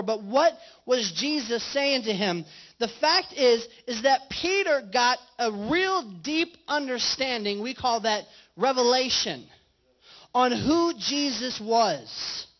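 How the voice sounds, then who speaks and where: A male pastor preaching a conversational sermon in a church and putting questions to his congregation. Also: very high voice. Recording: dull lo-fi livestream audio.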